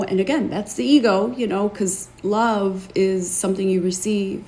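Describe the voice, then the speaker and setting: A woman hosting a show, telling her own story to an online audience in an earnest, emotional, confiding way, halting and repeating words as she gathers her thoughts. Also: mid-range voice, fairly even intonation, warm tone. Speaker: podcast host. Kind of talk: candid personal testimony to an online audience.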